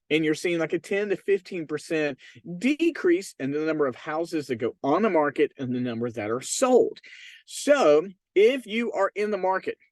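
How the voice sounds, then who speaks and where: A man's voice: a little high, no room sound. A man hosting a solo podcast, giving emphatic, persuasive business advice straight to his listeners. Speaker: podcast host and real estate marketing consultant.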